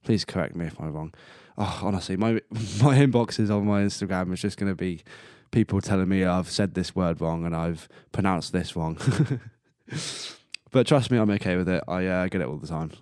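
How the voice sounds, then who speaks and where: A young man in his twenties hosts his own podcast, delivering a casual solo monologue in a very low, deep, slightly mellow voice at normal speed. He sits close to the mic in a dry, dead room with no room sound, rambling, laughing at his own jokes, and occasionally coughing or burping.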